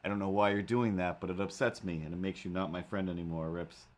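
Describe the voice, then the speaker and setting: A man hosting a casual livestream, rambling and talking to his streaming software and his animated cat helper. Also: deep voice, quick pace. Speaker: livestream host and cartoonist.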